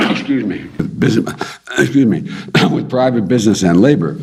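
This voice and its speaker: Hoarse older man coughing through a speech. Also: fairly low pitch, expressive, fairly quick, a little mellow. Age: 80s. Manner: coughs and clears his throat often, apologizing between phrases. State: hoarse, with a cold. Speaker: politician. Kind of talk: public speeches and remarks. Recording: clips with clear background noise.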